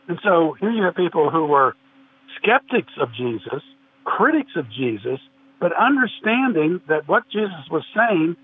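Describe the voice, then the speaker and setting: Over a tinny, phone-like line with a faint hiss, a man with a fairly high, slightly rough voice takes part as a guest in a religious discussion. He explains earnestly and quotes long stretches of scripture.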